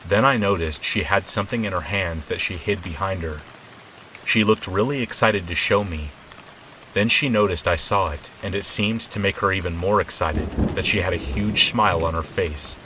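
A man narrating a scripted first-person horror story in a steady, measured way. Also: sits low, background noise. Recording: soft rain behind.

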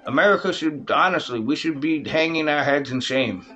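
A man's voice: fairly high pitch, normal speed, bright, forceful tone, muffled recording, soft background music. A man giving a heated, profane casual political rant, speaking straight to his audience as folks. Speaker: vlogger.

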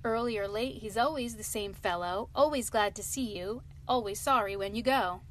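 A woman voicing a cheerful, good-natured male water rat in a storybook reading, with a brisk, lively manner. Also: mid-range voice, natural voice.

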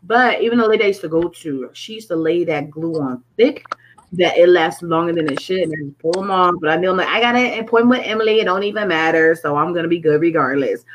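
A woman from Connecticut, a guest in a casual chat, telling stories in an animated way and acting out what people said. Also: lowish voice, fast talker, poor audio. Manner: animated storyteller who acts out quotes.

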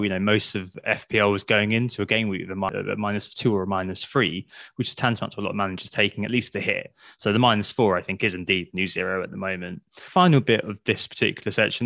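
A man's voice: lowish voice, gravelly, fairly bright tone, no room sound, clean studio sound. A man hosting a podcast, chatty, jokey and emphatic. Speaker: podcast host. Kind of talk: casual podcast chat.

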